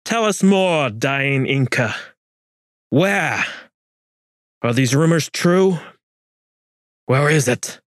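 A man voicing a brutal Spanish conquistador who shouts threats at a prisoner in a strained, high voice. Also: lively intonation, extremely slow, long pauses, no echo, clean studio sound. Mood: menacing. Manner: yelling, high-strung, menacing.

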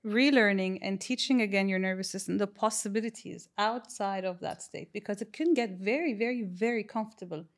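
Woman guest, bodywork practitioner, calm and measured, mid pitch. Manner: calm, measured, unhurried explaining. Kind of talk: reflective interview talk.

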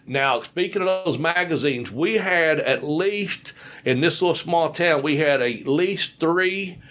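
A man's voice: fairly high pitch, a little slow, a bit bright. A man, a podcast co-host and former wrestler, telling rambling stories in casual chat. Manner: rambling, folksy, repeats words.

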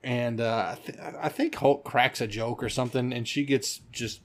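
Laughing, animated male podcast co-host. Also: medium pitch, normal speed. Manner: animated storyteller, laughs often, acts out quotes. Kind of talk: casual movie-review chat.

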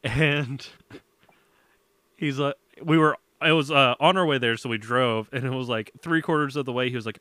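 A man's voice: medium pitch, normal speed, pushed and bright, no echo. Young man telling stories with laughs. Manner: laughs often, swears casually, acts out quoted parents. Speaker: podcast host. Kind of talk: casual storytelling chat.

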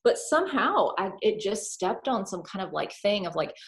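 Woman, casual chat, animated, filler-heavy, quotes herself in voices. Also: medium pitch, moderate pace. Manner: acts out her own thoughts in quoted voices.

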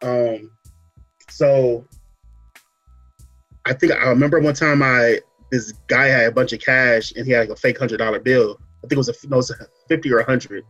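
A man hosting a podcast, talking through a story in a relaxed casual way, full of fillers and asides. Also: mid-range voice, normal speed, faint music behind. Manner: relaxed storytelling, many fillers and "you know what I'm saying". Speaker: podcast host. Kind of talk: casual chat.

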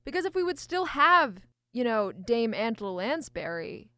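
A woman's voice: fairly high pitch, sing-song, moderate pace, pushed and bright, no room sound. A woman co-hosting a casual chat, effusive and laughing, stammering as she agonizes over choices. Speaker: podcast co-host.

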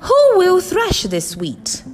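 A hard-working little hen from a children's storybook, earnest and bright, her voice lifting high above the reader's own. A woman acts her out. It sounds long and echoey, with soft music behind. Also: huge pitch swings, slow, exaggerated voice. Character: busy industrious little female hen.

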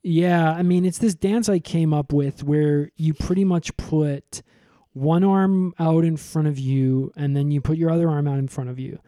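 A man co-hosting a comedy podcast, recapping in a rambling, deadpan way with lots of fillers. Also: on the high side, moderate pace, no room sound, clean studio sound.

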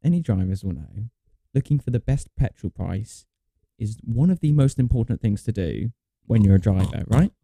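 Young man, chatty and dark-voiced. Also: on the low side, animated, normal speed, gravelly, no room sound. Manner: rambling storyteller, swears, laughs a lot. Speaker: podcast co-host. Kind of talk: casual chat.

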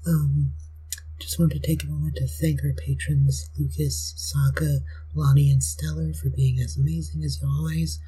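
Tired woman host, very husky and dark, deadpan outro. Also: deep voice, moderate pace, poor audio. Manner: dry, deadpan repetition. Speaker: podcast host. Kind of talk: casual show outro.

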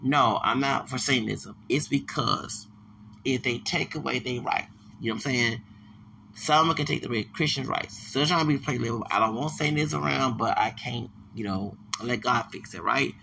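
Guy, 40s, super gravelly voice, rambling podcast talk, keeps restarting. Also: medium pitch, moderate pace, bright, forceful tone, a little hiss or hum. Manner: digressive, repetitive, stumbling restarts.

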